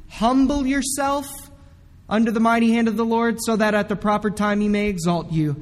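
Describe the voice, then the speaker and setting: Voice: mid-range voice, moderate pace. A pastor preaching a sermon with emphasis, repeating the key commands again and again. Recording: long echoey hall reverb.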